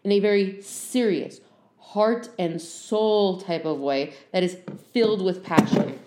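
A young woman hosting a podcast, telling a bad-date story in an animated, self-deprecating way with lots of "like" and "um". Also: mid-range voice, unhurried. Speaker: podcast host. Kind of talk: casual storytelling monologue. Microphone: handheld phone.

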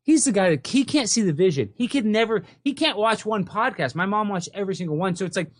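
A man's voice: sits high, lively intonation, fast talker, no echo, clean studio sound. A man hosting a podcast in casual chat, rambling with many restarts and fillers over a video call. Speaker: podcast host.

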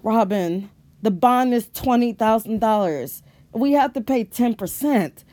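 A woman's voice: on the high side, expressive, unhurried, dark tone, no echo. A woman voicing a stressed mother who drinks, speaking in a pleading, shaky way. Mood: distraught.

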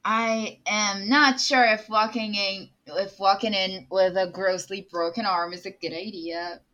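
A woman playing a character in a tabletop game, talking in a slow, playful way and often laughing. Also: mid-range voice, steady tone, fairly bright tone. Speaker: player.

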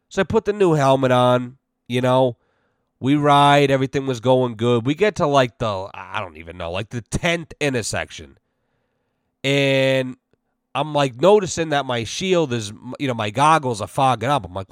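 A man's voice: medium pitch, animated, normal speed, clean tone, dry recording, clean studio sound. A man from Massachusetts hosting a podcast, telling a story casually in a rambling way with plenty of swearing and fillers. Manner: rambling, profane, heavy use of fillers. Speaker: podcast host.

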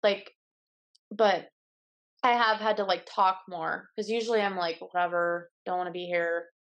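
A woman's voice: lowish voice, steady tone, unhurried, fairly bright tone, lo-fi sound. A young woman in her twenties speaks as a podcast guest, loose and casual. She is candid and blunt, and she slips into playful quoted lines in her own voice. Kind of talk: casual chat.

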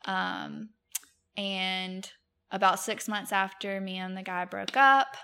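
A woman's voice: medium pitch, very animated, slow pace, pushed and bright, clean tone. A woman, telling stories as a podcast guest, chatty with many fillers and frequent laughs. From Mobile, Alabama, US. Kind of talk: casual chat.

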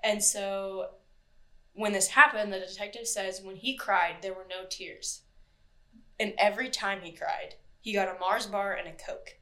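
A woman's voice: mid-range voice, steady tone, measured pace, a bit bright. A woman co-hosting a podcast, telling a true crime story in casual, chatty talk, swearing freely and acting out what people said. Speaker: podcast co-host.

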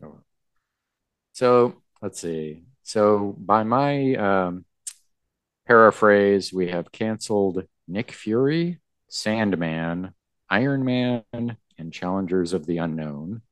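A man co-hosting a casual comics podcast, talking in a halting way with many fillers and restarts. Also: on the low side, lively intonation, dry recording. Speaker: podcast co-host. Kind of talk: casual chat.

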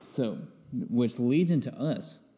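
Very dark-voiced man, echoing room. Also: medium pitch, expressive, slow. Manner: loose, trailing off mid-thought. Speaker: guest co-host. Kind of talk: casual chat.

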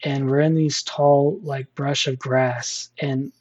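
Man, storyteller guest, mellow tone, rambling delivery with fillers, dull lo-fi recording. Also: mid-range voice, little pitch movement, takes it slowly. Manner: rambling, many fillers and restarts. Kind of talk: casual spoken storytelling.

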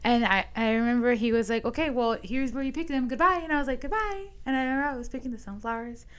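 This young podcast co-host, in her twenties, speaks very fast in a clear, resonant voice that's on the high side and steady in tone. She casually recounts a lengthy dream, framing every quote with "I was like."

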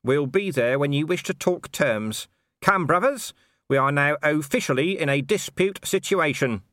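A man voicing a cocky, scruffy male watchman leading a strike, speaking calmly and cheekily. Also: on the high side, normal speed, no echo, studio quality, pitched above the performer's own voice. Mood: cheeky. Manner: calm and cheeky.

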